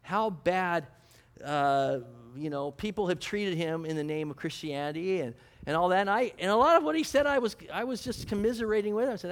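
A fairly high-voiced male pastor preaching in an easy, conversational way. He poses questions and answers them himself, and slips into personal stories with self-deprecating humor. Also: expressive, brisk. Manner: storytelling, chuckling, self-deprecating. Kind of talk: conversational sermon.

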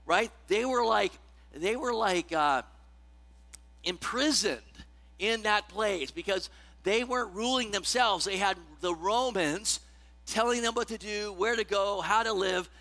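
A man's voice: high voice, bright, forceful tone. A man preaching a sermon in a conversational way, often checking in with the congregation and reading scripture with rising emphasis. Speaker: pastor.

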